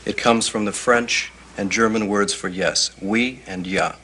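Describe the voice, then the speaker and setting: A man, heard in a film clip, calmly explaining how a word is pronounced. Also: on the low side, unhurried, husky, pitched below the performer's own voice, full character voice, poor audio.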